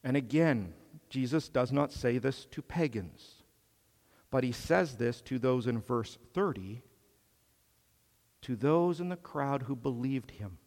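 A man preaching a sermon in a slow, measured way, swelling on emphatic phrases. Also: medium pitch, animated, a little mellow, in a large hall.

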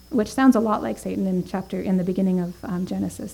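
A woman's voice: mid-range voice, a little fast, creaky, dark tone, rough recording. A woman teaching a Bible study, earnest, reading scripture aloud with emphasis and thinking aloud with small fillers and restarts.

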